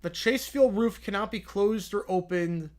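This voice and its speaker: In a casual live commentary and Q&A, a young man answers his chat while drowsy and yawning. His voice sits high and moves a little slowly, and he rambles chattily, often correcting himself.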